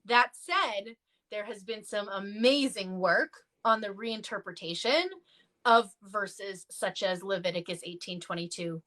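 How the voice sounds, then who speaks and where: Unhurried and sharp-toned, a woman appearing as a clergy guest chats casually in a livestream discussion. She tells stories loosely, full of fillers, and acts out quoted voices with jumps in pitch.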